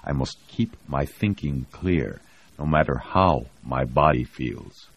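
A man voicing a weary but resolute cosmonaut commander in an audiobook, with gruff, measured orders. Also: rumbling low, no room sound, exaggerated voice. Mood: brooding. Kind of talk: audiobook reading. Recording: dull lo-fi audio.

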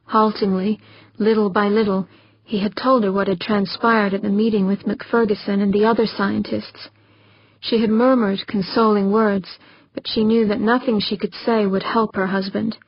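A woman's voice: medium pitch, no room sound, highs cut off. A woman reading a novel aloud as an audiobook narrator, voicing the characters as she goes. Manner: voices characters with rising intensity.

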